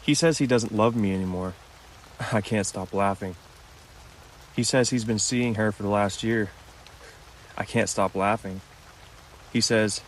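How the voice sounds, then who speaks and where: A man reading scripted horror stories aloud in a measured, low-key way. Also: slight background noise, rough recording. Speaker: narrator. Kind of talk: scripted horror story narration. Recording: music clearly behind the voice.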